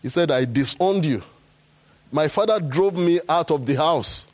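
A man's voice: animated, a little slow. Man preaching a sermon. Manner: preaching, rising to loud high exhortation.

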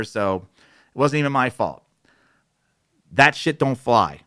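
A man's voice: medium pitch, lively intonation, normal speed, sharp tone, clear, resonant tone. Man ranting casually through a web tutorial. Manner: candid, exasperated, acts out quoted voices. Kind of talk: casual explainer with rants. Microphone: isolated studio microphone.

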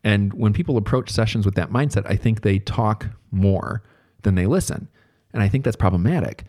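Relaxed low-voiced male lecturer. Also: moderate pace. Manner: relaxed, conversational, thinks aloud. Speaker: therapy instructor. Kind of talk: recorded lecture.

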